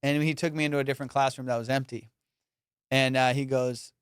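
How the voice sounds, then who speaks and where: A young man hosting a podcast, casually telling a story in slangy, animated talk and acting out the people in it. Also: mid-range voice, brisk, clean tone, no echo, clean studio sound. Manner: animated, laughing, slangy retelling with quoted voices. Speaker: podcast host.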